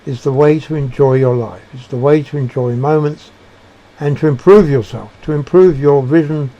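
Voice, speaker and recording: Man, reflective monologue, gropes for words, somewhat high pitch, warm dark tone. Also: dull audio. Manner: halting, searching for words, many restarts. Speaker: speaker sharing personal beliefs.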